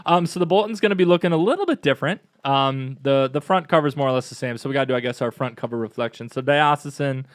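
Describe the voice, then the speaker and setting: A man's voice: mid-range voice, no echo. Upbeat male parish podcast co-host, casual chatter, dry close sound. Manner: chatty and upbeat, quick asides. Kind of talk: casual chat.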